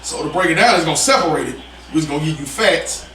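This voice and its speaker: A man telling a story in a casual, animated way, repeating himself for emphasis, as a podcast guest. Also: fairly high pitch, quick pace, crowd noise. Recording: roomy, distant mic with background noise.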